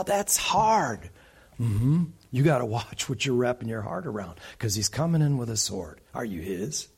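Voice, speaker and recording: A man preaching an expository sermon to a congregation, asking them questions and swinging between loud emphatic rises and quiet low asides. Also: husky. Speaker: pastor.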